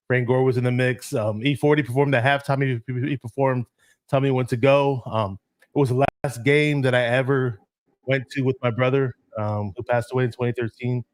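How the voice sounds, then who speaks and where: A man co-hosting a casual sports chat, reminiscing in a relaxed way with frequent filler pauses. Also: medium pitch, no echo.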